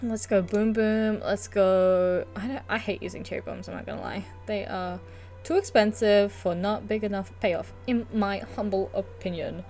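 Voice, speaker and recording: A woman's voice: mid-range voice, fairly even intonation, normal speed, a little mellow, faint music behind. A young woman streaming a video game, chatting casually and playfully with lots of giggles and rambling asides. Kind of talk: casual gaming stream chat.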